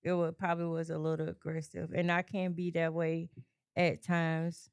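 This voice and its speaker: A woman on a talk panel, speaking haltingly and repeating herself as she thinks it through. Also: fairly low pitch, completely flat delivery, smooth. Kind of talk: casual chat.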